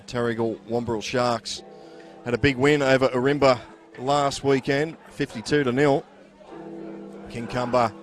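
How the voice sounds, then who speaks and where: Australian male commentator, easygoing, chatty, lots of fillers, faint music behind. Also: medium pitch. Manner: relaxed, filler-heavy, chatty. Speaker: sports commentator. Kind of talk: live match commentary. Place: at a suburban football ground.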